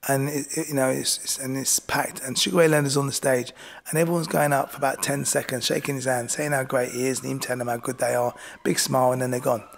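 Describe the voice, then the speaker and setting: A man's voice: mid-range voice, level tone, quick pace, gravelly, slight background noise. A male boxing coach, telling stories in a chatty way in an interview and acting out other people's voices as he goes. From England. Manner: chatty, keeps saying "do you know what I mean", acts out voices in his stories. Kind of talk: casual storytelling interview.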